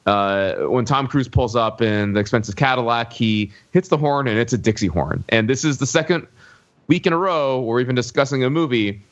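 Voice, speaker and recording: A man's voice: mid-range voice, normal speed, dull audio. A man from the American South co-hosting a podcast, talking casually about a film and often searching for his words. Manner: searching for words, many fillers and restarts. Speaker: podcast co-host.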